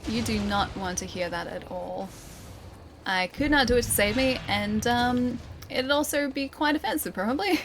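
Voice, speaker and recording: A young Australian woman giving casual gameplay commentary as a streamer, chatty, self-deprecating and quick to laugh. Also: a little high, fairly bright tone, slight background noise.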